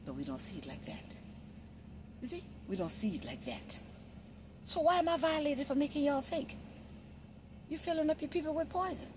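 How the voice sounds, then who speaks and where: Woman, emphatic preachy monologue, animated pitch, noisy recording with traffic. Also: moderate pace, pauses often. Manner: preachy, repeats "you see?"; emphatic, swings between loud and hushed. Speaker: social media commentator. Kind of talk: impassioned monologue.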